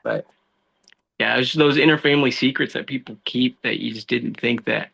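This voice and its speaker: Guest on a casual podcast: a man with a gravelly, bright voice telling animated, slangy stories. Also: mid-range voice, moderate pace. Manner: animated storytelling, says dude and bro a lot. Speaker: guest, law enforcement officer.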